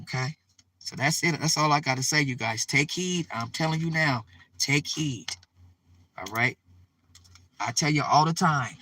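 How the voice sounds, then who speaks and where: A man with a high, bright voice delivers an urgent spiritual talk straight to his viewers, circling back to the same warnings and tagging lines with "okay?". The sound is dry and he sits a little back from the mic. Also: expressive, unhurried, long pauses, recorded from a distance, a little hiss or hum. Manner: repetitive, urgent, keeps checking in with "okay?". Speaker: spiritual advice channel host. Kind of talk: preachy spiritual monologue to viewers.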